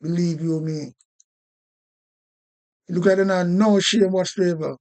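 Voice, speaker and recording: A man's voice: high-pitched, fairly even intonation, unhurried, darkish tone. A man with a Jamaican accent ranting indignantly on a live stream, repeating himself and swearing. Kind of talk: casual political rant.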